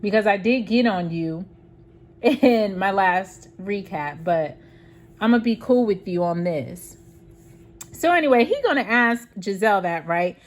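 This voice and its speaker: A woman's voice: mid-range voice, lively intonation, a little slow. A woman vlogger delivering an opinionated rant recap of a reality show, emphatic and talking straight to her viewers.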